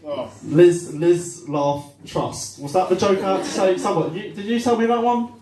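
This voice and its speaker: A man's voice: high voice, moderate pace, a crowd in the background. A young man doing a stand-up comedy set, rambling and self-deprecating with many fillers. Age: young adult. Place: cafe-bar comedy night. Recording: roomy live room, distant mic.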